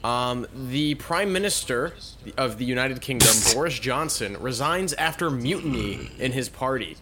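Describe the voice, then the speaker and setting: A man's voice: medium pitch, expressive, a little slow, very noisy. A man hosting a casual news commentary show, reading articles aloud and adding sarcastic asides. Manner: reads headlines then riffs with sarcastic asides.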